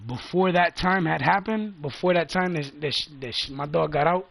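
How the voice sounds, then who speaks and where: A man's voice: a little high, moderate pace, vocal fry, fairly bright tone. A man telling a loose, profane story in a casual vlog, often repeating himself. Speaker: vlogger.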